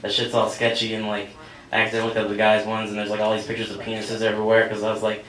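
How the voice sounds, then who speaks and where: A man's voice: fairly low pitch, completely flat delivery, rapid-fire, a bit bright, a little hiss or hum. Rambling young man doing stand-up, roomy. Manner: rambling, self-mocking, many fillers. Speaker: stand-up comedian. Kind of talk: stand-up set. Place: small cafe stage. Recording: echoey room, mic from far off, audience laughter. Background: audience laughing.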